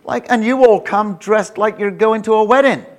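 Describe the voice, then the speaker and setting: A man's voice: sits high, normal speed. A man giving an informal, jokey sermon, rambling with many restarts. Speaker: visiting preacher.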